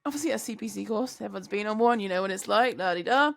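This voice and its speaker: A woman co-hosting a podcast, telling a story in casual chat, animated and swearing freely. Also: mid-range voice, fast, gravelly. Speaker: podcast co-host, truck driver.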